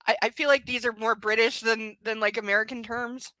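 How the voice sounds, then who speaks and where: A woman's voice: fairly high pitch, fairly even intonation, fairly quick, bright, forceful tone, dry recording. A young adult woman doing a live reading of a book, breaking off into mocking, sarcastic commentary. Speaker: reader and commentator.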